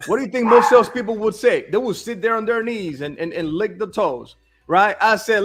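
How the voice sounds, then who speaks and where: A man's voice: high-pitched, a little fast, a bit bright, faint music behind. A man in casual business chat, blunt and emphatic, often asking "all right?".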